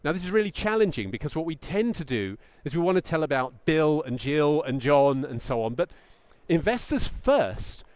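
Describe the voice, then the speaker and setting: A middle-aged man coaching founders from the stage, his voice sitting a bit high and swinging widely in pitch as he stresses key words. The sound is dry and close, with no room echo. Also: moderate pace, few pauses. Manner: animated, emphatic, acts out mock founder quotes. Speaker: pitch coach giving a talk. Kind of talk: presentation talk to founders.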